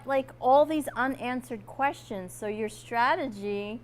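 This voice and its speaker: A woman's voice: on the high side, measured pace. A woman hosting an interview over a video call. She chats and asks her questions in an appreciative way. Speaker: interview host. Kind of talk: interviewing a guest.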